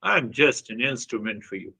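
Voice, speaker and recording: A man with a bright, forceful voice gives an earnest spiritual talk. He repeats himself for emphasis and puts pointed questions to his listeners. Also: medium pitch, very animated, a little fast, creaky, slightly rough, rough recording. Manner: earnest, repetitive, with short laughs and acted quotes. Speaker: spiritual teacher.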